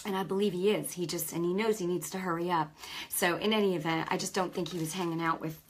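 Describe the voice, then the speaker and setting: A woman's voice: on the low side, steady tone, fast talker, slight background noise. A woman giving an informal, fervent sermon, conversational and full of restarts and asides. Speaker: lay preacher.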